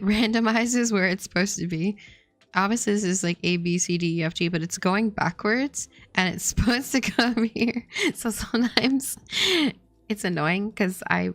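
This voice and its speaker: A woman's voice: medium pitch, no echo. A woman streaming her game development work, chatting casually and rambling with lots of "like" and giggles. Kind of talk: casual chat while working on a game.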